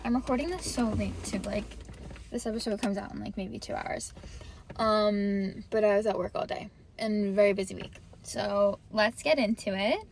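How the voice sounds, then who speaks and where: A woman's voice: medium pitch, fairly even intonation, normal speed, slight background noise. A young woman hosting her podcast from her parked car, talking in a rambling, easily distracted way and swearing freely. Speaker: podcast host. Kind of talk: casual rambling chat.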